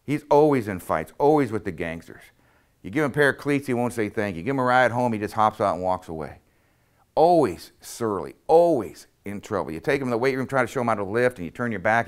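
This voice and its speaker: A middle-aged man, a football coach, telling stories to an audience in an animated way and acting out the quotes. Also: lowish voice. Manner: animated storyteller, acts out quotes. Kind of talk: motivational talk with stories.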